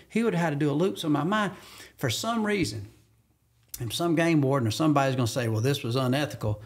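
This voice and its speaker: A man from Georgia with a Southern accent, a podcast guest telling a hunting story in an animated way and acting out the quotes with sudden jumps in pitch. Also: fast. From Georgia, USA. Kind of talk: animated storytelling in casual conversation.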